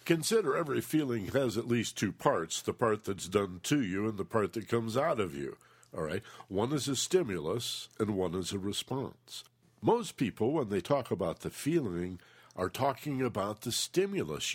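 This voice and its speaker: Co-host: man, very low husky voice, lively pitch, emphatic advice-giver. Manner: slow, emphatic, acts out quoted feelings. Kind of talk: relationship advice talk.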